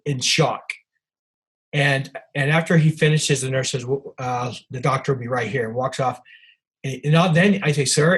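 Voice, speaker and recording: A man's voice: mid-range voice, breathy edge, poor audio. An older man, an author, telling rambling anecdotes as a podcast guest, with many restarts and fillers. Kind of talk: storytelling in a podcast interview.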